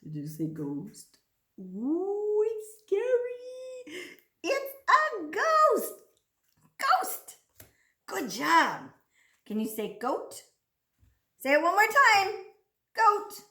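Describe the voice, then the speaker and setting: High-pitched woman doing a kids speech lesson, slow and playful, echoey room. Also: huge pitch swings, bright, forceful tone. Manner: sing-song, exaggerated and playful, speaking slowly to children. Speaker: children's speech therapist.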